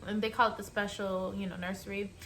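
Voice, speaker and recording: A woman's voice: medium pitch, little pitch movement, quick pace, fairly bright tone. A young woman vlogging, telling a personal story in a chatty, emotional way and speaking straight to her viewers. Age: young adult. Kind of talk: casual storytelling to camera.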